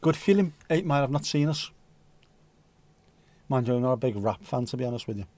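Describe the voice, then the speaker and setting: A man's voice: mid-range voice, lively intonation, fairly quick, a little mellow. A man hosting a livestream, chatting casually and rambling while reading out viewer comments, with the odd swear word. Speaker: livestream host.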